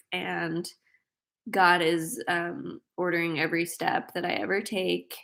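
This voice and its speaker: A woman's voice: medium pitch, gravelly, fairly bright tone. A pregnant woman hosting a casual livestream Q&A, chatty and giggly as she reads viewer questions aloud. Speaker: host.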